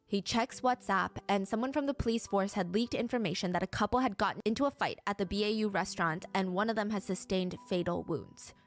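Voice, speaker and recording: A woman's voice: mid-range voice, a little fast, few pauses. A woman narrating a true crime case in a vivid storytelling manner, acting out the people involved.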